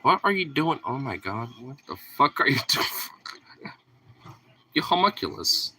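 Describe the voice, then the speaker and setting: A young man at home fussing over his dogs in a casual mix of baby talk and cursing. His voice is bright and forceful at a middling pitch. A faint noise sits behind him. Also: big pitch swings, fairly quick. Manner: teasing baby talk mixed with swearing.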